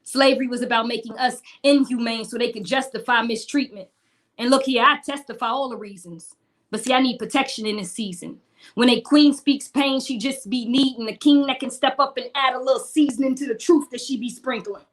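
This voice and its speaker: A woman's voice: fairly high pitch, fairly even intonation, brisk. A woman performing spoken word poetry with a rhythmic, rhyming delivery, blunt profanity and a preacherly way of addressing the crowd directly.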